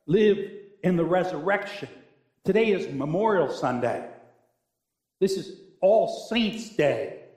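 A middle-aged male pastor delivers a sermon in a slow, deliberate cadence, leaning into long pauses before lifting his voice. His voice sits a little high for a man. The sound rings through an echoey church sanctuary. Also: animated, darkish tone. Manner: slow, earnest preaching with dramatic pauses and swells.

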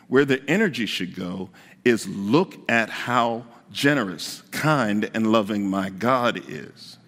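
A man's voice: medium pitch, a bit bright, long reverb tail. A man preaching a conversational sermon as pastor, repeating his key points for emphasis.

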